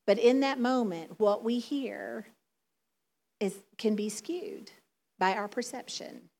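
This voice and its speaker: Southern woman, casual church sermon, conversational and quick to laugh, slightly high voice. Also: a little mellow. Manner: chatty, laughs often, many fillers. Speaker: church speaker. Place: church sanctuary before a congregation.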